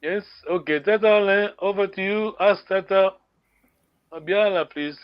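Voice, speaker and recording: In a lo-fi recording with no room sound, a man with a high, clean-toned voice teaches a language lesson online at a moderate pace. He's patient, repeats words often, and asks "yeah?" to check that his students are following.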